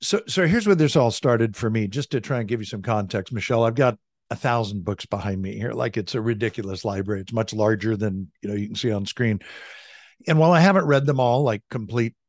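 A middle-aged man, a leadership coach, telling stories in a casual, energetic way on a podcast, talking from his home office. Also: lowish voice, brisk, dry recording, clean studio sound. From California. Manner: energetic, conversational, frequent "like" and "right?". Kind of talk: podcast interview, storytelling. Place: home office with a large bookshelf. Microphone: studio desk mic.

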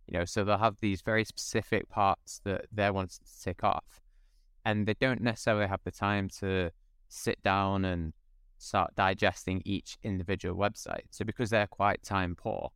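Man, deep clear voice, calm steady explainer, podcast chat. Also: normal speed, no room sound, clean studio sound. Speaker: podcast guest. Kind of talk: casual podcast conversation.

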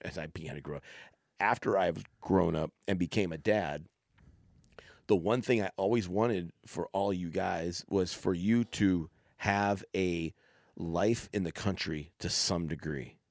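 A middle-aged father hosts a podcast, chatting casually with his son and telling stories in which he acts out quoted exchanges. His voice sits low, unhurried and a little mellow, in a dry, studio-quality recording.

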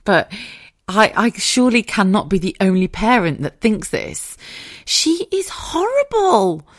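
A woman's voice: medium pitch, lively intonation, moderate pace, fairly bright tone, no echo, studio quality. A young mother chatting casually, laughing often and swearing freely. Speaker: podcast host, parent. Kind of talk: casual chat.

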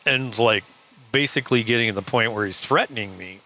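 A man's voice: fairly low pitch, fairly quick, pushed and bright. A man co-hosting a podcast and retelling a story in casual talk, full of quoted dialogue. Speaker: podcast co-host, truck driver.

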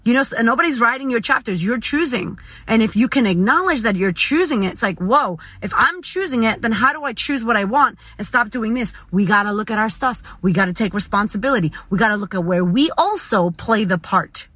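A woman talks straight into the mic from her car, cursing freely as she gives a motivational monologue. Her voice sits a little high and rings bright and forceful, with a close, dry sound and almost no room around it. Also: animated, a little fast, few pauses, no room sound. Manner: blunt, profane, emphatic. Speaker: motivational speaker.

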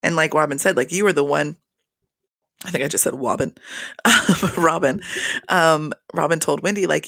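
A man's voice: a little high, normal speed, creaky, long pauses, bright, forceful tone, no room sound. A man giving a casual, gossipy recap of a reality TV episode, swearing a lot, laughing often and acting out the cast's lines. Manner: acts out the cast's lines in exaggerated voices.

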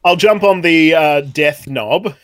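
A man playing a tabletop game, chatty and quick in his planning. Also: fairly high pitch, a bit bright. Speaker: player. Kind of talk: casual game play.

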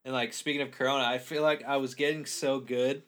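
A young man with a bright, forward voice rambles through casual podcast banter, full of fillers, jokes and swearing. He circles his points loosely. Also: medium pitch, fairly even intonation, fairly quick. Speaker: podcast co-host. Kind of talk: casual chat.

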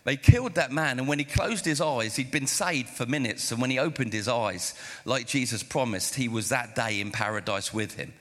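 A male pastor preaching a sermon, telling stories in an animated way and acting out the dialogue. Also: medium pitch, normal speed. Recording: reverberant hall.

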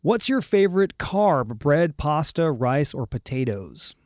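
A man hosting a casual podcast chat, asking quick questions, laughing often and repeating words. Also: on the high side, sing-song, darkish tone, no room sound, studio quality. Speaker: host.

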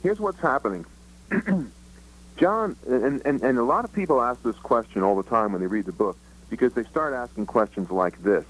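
Man, mid-pitch voice, eager interjections, vivid quick storytelling. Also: expressive, breathy edge, poor audio. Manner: quick, eager, jumps in with vivid scene-setting. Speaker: book co-author guest. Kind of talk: radio interview commentary.

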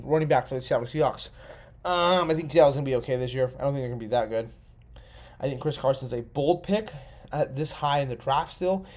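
A young man rambles through a casual solo podcast, a little drunk and swearing freely. His voice sits slightly higher than most men's, and he jumps between muttering and excited outbursts. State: tipsy. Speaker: podcast host.

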